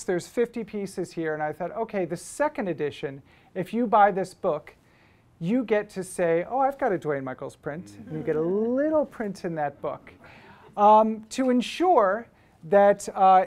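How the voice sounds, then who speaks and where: A man with a high-pitched, slightly mellow voice, a photographer and book publisher, gives an anecdotal lecture to students at a school. He tells stories conversationally, with lots of fillers and restarts.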